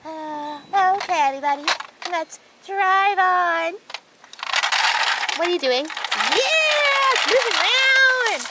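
A woman voicing a whole group of toy characters, chattering and squealing through their banter in a playful role-play. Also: very high voice. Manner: excitable, squealing, chattering banter between figures. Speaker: toy video creator voicing all the characters. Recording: noisy home recording.

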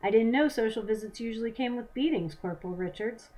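A woman's voice: a little high, brisk, mellow, lightly acted. A cool, defiant woman commanding an airship, dry and guarded as she bargains, voiced by the woman reading her novel. It sounds like a storybook read aloud.

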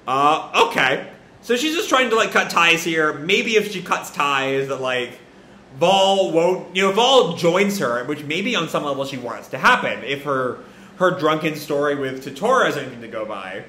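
A man's voice: on the high side, animated, moderate pace, sharp tone, a little hiss or hum. A man with stuffy sinuses and a cracking voice, reading manga aloud and reacting in a rambling way, in an echoey room. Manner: rambling, thinks aloud with fillers. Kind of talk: casual live reading and reaction.

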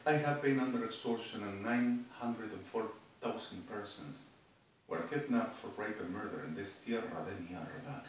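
A rambling, agitated man with a low voice, lurching between loud bursts and muttered asides. He sounds far from the microphone in a very echoey room. A faint hiss sits under the recording. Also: moderate pace. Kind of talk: rambling monologue to camera.

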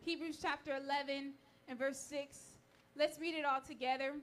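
A woman's voice: high-pitched, fairly even intonation. A young woman preaching at church, reading scripture aloud and thanking those in the room. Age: young adult. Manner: fervent tearful prayer, then warm measured preaching. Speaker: youth speaker at church. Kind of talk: sermon. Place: church sanctuary.

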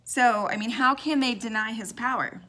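A woman giving an earnest, casual Bible study, reading scripture aloud and reflecting in a halting way, with many fillers and restarts. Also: fairly high pitch, pushed and bright. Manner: reads scripture aloud between personal reflections. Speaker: Bible teacher.

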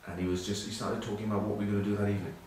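An English former rugby captain in his forties presents a web news piece as a casual anecdotal monologue, rambling with dry, self-mocking humour and plenty of ums and uhs. His voice is on the low side, flat, very fast and darkish. The room is very echoey, the mic far off, with faint background noise.

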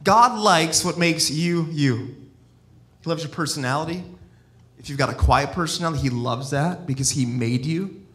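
A man's voice: fairly high pitch, normal speed, fairly bright tone. A middle-aged man preaching a sermon in a free-flowing, personal storytelling style, with many restarts and asides. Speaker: evangelist-missionary. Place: church.

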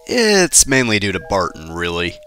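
A man's voice: sits low, wildly swooping pitch, moderate pace, pushed and bright, faint music behind. A man giving sarcastic gameplay commentary, cracking jokes and talking back to the game's characters. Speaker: let's play host.

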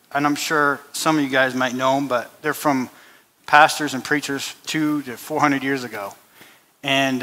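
A man's voice: fairly high pitch, pushed and bright. A man giving an informal testimony at a church service, telling stories conversationally, often repeating words and adding "you know.". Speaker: guest speaker and musician at a church service. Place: church hall. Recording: long reverb of a church hall.

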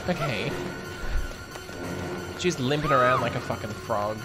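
Music plays behind a young man giving live gameplay commentary in a medium-pitched voice. He speaks at a measured pace with long pauses, sassy and camp, swearing freely and breaking into shrieks and laughter.

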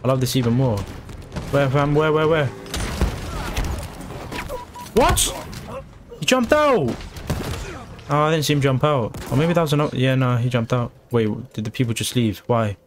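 A young man, excitedly commentating his own gameplay and trash-talking opponents. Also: medium pitch, normal speed, pauses often, noisy background. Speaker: gamer. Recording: game music in background.

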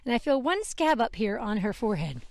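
Woman, horse trainer, casual rambling chat, fairly high voice, dry close mic. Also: sing-song, fairly quick, creaky, a little mellow, no room sound. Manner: chatty, rambling, with self-corrections and laughs. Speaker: podcast host and horse trainer. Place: outdoors with a horse. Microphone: wearable microphone.

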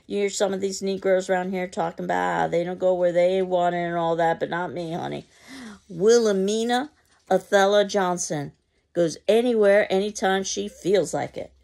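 A woman voicing a squeaky, gushing busybody neighbor who is enthusiastic about everything. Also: moderate pace, gravelly, a little mellow. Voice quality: squeaky, bubbly. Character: gossipy, overly enthusiastic older woman neighbor.

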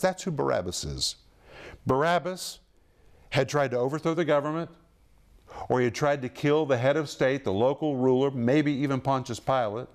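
A man delivers televised Bible teaching in a medium-pitched voice. His delivery is emphatic and dramatic, rising and dropping sharply. He explains word meanings step by step. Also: moderate pace.

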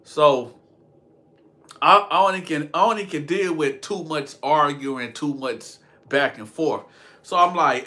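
Young man, storytime vlogger, rambling, slangy, bright forceful voice, a bit high. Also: a little slow. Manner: rambling, slangy, laughs at his own stories. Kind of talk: casual storytime monologue.

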